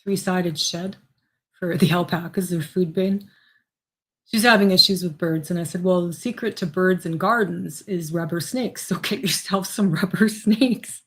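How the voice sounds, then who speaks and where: A woman's voice: fairly low pitch, steady tone, a little slow, a bit bright. A woman co-hosting a casual chat show, telling animal stories and laughing through them. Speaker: co-host.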